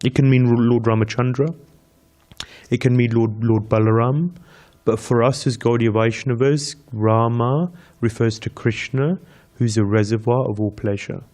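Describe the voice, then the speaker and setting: A man teaching a devotional scripture class in a medium-pitched voice. He tells his story in steady repeated steps and breaks into chanted Sanskrit verses. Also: moderate pace. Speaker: speaker giving a scripture class. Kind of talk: devotional lecture.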